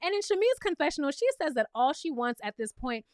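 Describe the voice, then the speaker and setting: A woman's voice: high voice, sing-song, fast talker, no echo, clean studio sound. A woman with a New York accent who is from Brooklyn, recapping a reality show in a sassy, chatty way and often asking the viewer "okay?".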